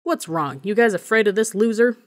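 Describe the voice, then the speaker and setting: A woman's voice: mid-range voice, expressive, a little fast, pitched above the performer's own voice, lightly acted. A woman reading the part of a cocky teenage boy bully, taunting and sarcastic.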